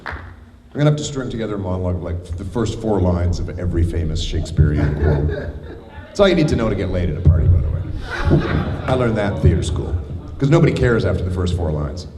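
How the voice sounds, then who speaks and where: A voice actor guest on a convention panel answers audience questions, riffing playfully and slipping into silly voices. His low voice swings widely in pitch and moves fast. The large hall, with its live crowd, gives a long, echoey reverb.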